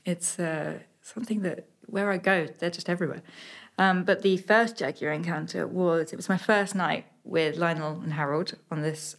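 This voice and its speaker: British woman telling adventure stories. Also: fairly low pitch. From Britain. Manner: animated, many fillers and restarts. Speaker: adventurer guest. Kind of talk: storytelling in a podcast interview.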